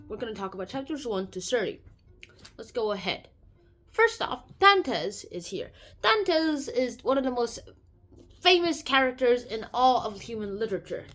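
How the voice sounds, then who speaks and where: Chatty woman summarizing a book. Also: on the high side. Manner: chatty, storytelling with quick voice impressions. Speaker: video host.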